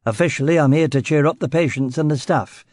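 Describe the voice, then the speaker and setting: A prickly, self-important aging DJ with an odd showbiz voice and only a trace of Yorkshire left in it, as a male narrator puts him on. He talks a little higher than usual and sounds evasive and testy. Close and dry. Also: a little fast, darkish tone, no echo, natural voice. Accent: faint Yorkshire. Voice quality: distinctive weird DJ voice.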